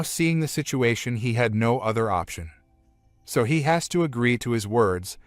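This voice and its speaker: A man's voice: medium pitch, no echo. A man narrating a comic story recap, retelling plainly in the present tense.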